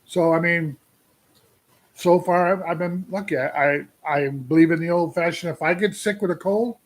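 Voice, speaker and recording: On a casual livestream, a trucker in his sixties vents and rambles, asking his viewers questions as he goes. His voice leans high, and he talks at a normal speed.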